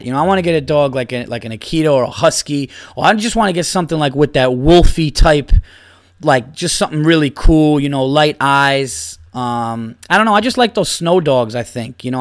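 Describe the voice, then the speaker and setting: A man's voice: fairly high pitch, no room sound, studio quality. A man hosting a podcast, telling a rambling story in casual chat, swearing a lot and laughing as he goes. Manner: profane, rambling, laughs through stories. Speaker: podcast host.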